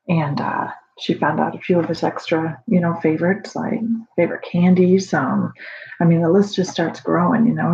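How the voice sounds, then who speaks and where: A mother in casual home video talk, rambling warmly with many fillers and restarts, proud of her daughter. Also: on the low side, a little hiss or hum. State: emotional, near tears at times. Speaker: proud mother sharing a story. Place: home at night. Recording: dull lo-fi home recording.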